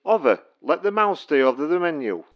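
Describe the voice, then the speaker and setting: A man's voice: fairly high pitch, big pitch swings, normal speed, lo-fi sound. Patronizing help desk man. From Stocksbridge, England. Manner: polite, patronizing, dry. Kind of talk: comic sketch acting.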